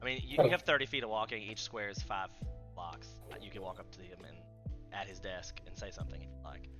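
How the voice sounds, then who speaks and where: A man's voice: lowish voice, fairly even intonation, brisk, a bit bright. A man narrating as game master of a tabletop game, chatty and apologetic, using lots of fillers. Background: background music.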